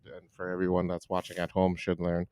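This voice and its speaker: A man's voice: deep voice, completely flat delivery, fairly quick, a little mellow, clear, resonant tone, no room sound. A young man co-hosting a casual podcast from home, joking around and teasing his friend. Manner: playful, slips into a hyped radio DJ voice. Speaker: podcast co-host. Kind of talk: casual chat. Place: home living room.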